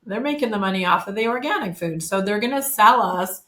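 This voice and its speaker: A woman's voice: mid-range voice, lively intonation, fairly quick, bright, forceful tone. A woman in her fifties, a guest on a podcast interview, speaking candidly and chattily with frequent fillers and self-corrections. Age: 50s. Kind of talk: casual conversational interview. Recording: echoey room.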